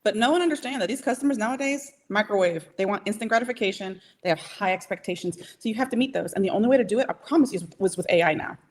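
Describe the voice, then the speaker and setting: A woman giving a live training to small business owners, talking directly and emphatically, and checking in often with "okay?" and "right?". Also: mid-range voice. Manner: emphatic, coaching, keeps asking "okay?" and "right?"; direct and motivational, speeds up and slows down.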